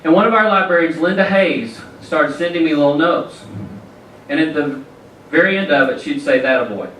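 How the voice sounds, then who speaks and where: Guy telling folksy stories to a crowd, slightly high voice, echoey hall, mic from far off. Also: moderate pace, fairly bright tone, slight background noise. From Southern US. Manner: folksy, joking, addresses the crowd directly. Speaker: featured event speaker. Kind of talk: storytelling speech to an audience. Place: large event hall indoors.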